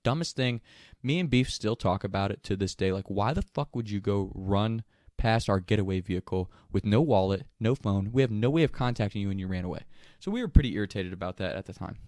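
A man's voice: lowish voice, no room sound. Young guy telling a crazy story, laughing and cussing a lot, dry close sound. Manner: animated, laughing, profane. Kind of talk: casual anecdote.

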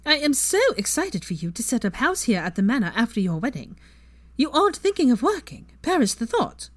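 A woman voicing a bossy, teasing young witch, raised in pitch, in a fan fiction reading. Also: very animated, dry recording. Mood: mock-sweet. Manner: brisk, commanding, mock-sweet when acting posh.

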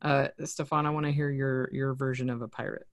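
Podcast host, casual chat, frequent laughter, lively quick delivery, medium pitch.

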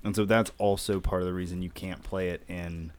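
A man's voice: deep voice, little pitch movement, brisk, a little hiss or hum. A man co-hosting a podcast in casual chat, laid-back and rambling. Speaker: podcast co-host.

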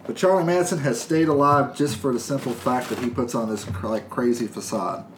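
A man co-hosting a podcast, talking in a blunt, emphatic, profane way at an everyday pitch. His voice carries a roomy echo with a faint hiss behind it. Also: a little fast. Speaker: podcast co-host. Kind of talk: casual chat.

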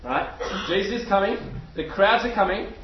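A man's voice: sits high, normal speed. A man preaching a sermon to a crowd in a large hall, telling the story with animation and checking in with his listeners through questions. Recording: echoey hall, distant mic, dull sound, faint noise.

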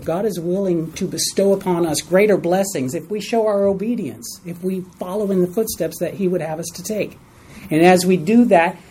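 A man teaches a Bible study to a small group in a room, with a soft, mellow tone. He keeps coming back to key words, repeating them for emphasis and putting questions to the listeners. A faint hiss sits under his voice. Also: on the high side, poor audio.

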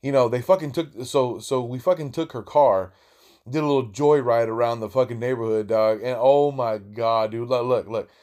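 A man's voice: medium pitch, normal speed, a little mellow. A man hosting his own podcast and telling stories in a casual, rambling way, full of swearing and slang. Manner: profane, rambling, slangy, with many restarts. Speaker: podcast host. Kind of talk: casual storytelling monologue.

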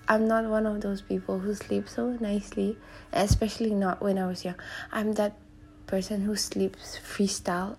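A young woman talks through a solo podcast in a loose, rambling way, full of fillers, sometimes sinking to a near whisper. Her voice is mellow and warm, at a middle pitch. A faint hiss sits under the recording. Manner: rambling, many fillers, drops into a soft whisper at times. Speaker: podcast host. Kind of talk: casual solo podcast storytelling.

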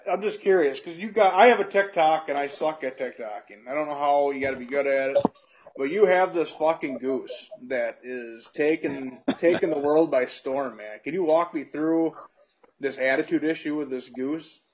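A man's voice: a little high, normal speed, noisy background. Chill guy hosting, swears a bunch, dull lo-fi audio. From United States. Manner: relaxed, swears casually, easygoing questions. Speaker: podcast host. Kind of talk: casual chat.

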